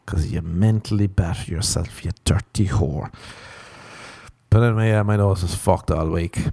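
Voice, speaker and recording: A man's voice: fairly low pitch, moderate pace, vocal fry, mellow, breathy edge, dry recording. A man hosting a podcast, telling rambling, profane, self-mocking stories in a casual comedic monologue. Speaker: podcast host.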